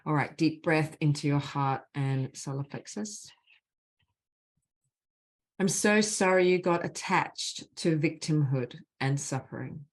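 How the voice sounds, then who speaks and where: Woman, low voice, spiritual mentor on a video call, guides slow repeated healing phrases. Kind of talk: guided clearing session with spoken healing phrases.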